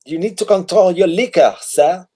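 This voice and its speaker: A man's voice: sits high, moderate pace, mellow, husky, pitched above the performer's own voice. A man voicing a polite but angry male noble who talks stiffly and scolds. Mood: scolding.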